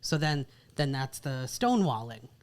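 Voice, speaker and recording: With a rumbling low, darkish voice, a woman co-hosts a podcast on marriage, speaking at normal speed and sounding very animated. She chats casually and repeats "like" and "literally" again and again.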